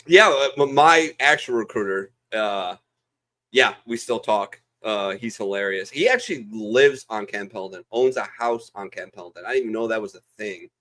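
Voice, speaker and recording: A man's voice: on the low side, normal speed, fairly bright tone. A man, a veteran co-host, telling service stories in casual chat, profane and rambling with lots of fillers.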